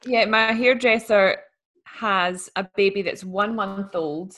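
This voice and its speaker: A woman's voice: mid-range voice, takes it slowly. Playful young woman podcast co-host. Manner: animated, playful, laughs while talking. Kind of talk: casual chat. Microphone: video call.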